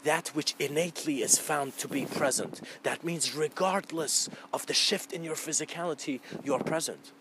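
A man giving a spiritual lecture and telling a Zen story in a slow, reflective way. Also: a little high, noisy background. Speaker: spiritual teacher.

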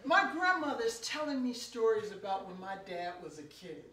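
A woman preacher giving a storytelling lecture, animated and playful with her audience. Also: fairly high pitch, normal speed, noisy background. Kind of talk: sermon-style storytelling lecture. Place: lecture room. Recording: echoey room, picked up from a distance.

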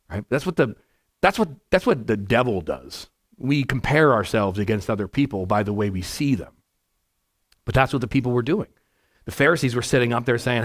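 A man, a pastor, giving a conversational verse-by-verse sermon to a congregation in a church, with a naturally loud voice and frequent "right?" asides. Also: mid-range voice, expressive, fairly quick. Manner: naturally loud, chatty, asks the room "right?". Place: church sanctuary before a congregation.

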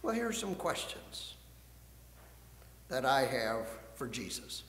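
A male pastor reading a Bible story aloud and preaching, an expressive storyteller who moves between hushed and emphatic delivery. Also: medium pitch, slow. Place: church sanctuary. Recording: echoey church hall.

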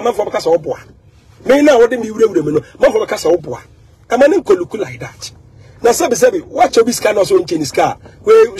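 Ghanaian male commentator, high and raspy, emphatic and repetitive. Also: a little mellow. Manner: emphatic and repetitive, mixing in English phrases. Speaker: social media commentator. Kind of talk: animated monologue.

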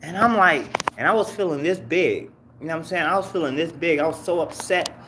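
Brisk and a little high, a man's voice runs a casual livestream full of loose, teasing banter and free cursing aimed at his chat. Background noise can be heard.

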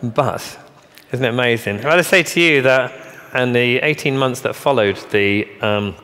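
A man's voice: mid-range voice, normal speed, a bit bright. A man giving a motivational keynote speech on stage, punchy and emphatic, with joking asides and rhetorical questions. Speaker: keynote speaker. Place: large conference hall. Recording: long hall reverb.

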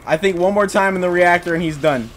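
A young man narrating his own gameplay, joking around and shouting when he gets startled. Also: sits high, fast, slight background noise. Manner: jokey, excitable, yells when startled. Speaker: gaming YouTuber. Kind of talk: let's play commentary.

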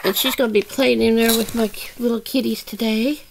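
A woman's voice: fairly high pitch, steady tone, brisk, gravelly, very noisy. A woman hosting a doll play vlog, cooing to a kitten in a sing-song voice. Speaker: doll channel host.

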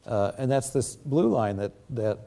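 An older man giving an academic lecture with slides, halting often and filling pauses with many ums and restarts. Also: medium pitch, animated, vocal fry, warm tone. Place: lecture theatre.

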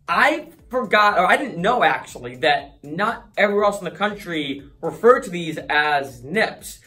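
Chatty young man from Boston, higher voice. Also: fairly bright tone. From Boston area. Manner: chatty, laughs often, acts out little scenes. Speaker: vlogger explaining slang. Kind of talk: casual explainer vlog.

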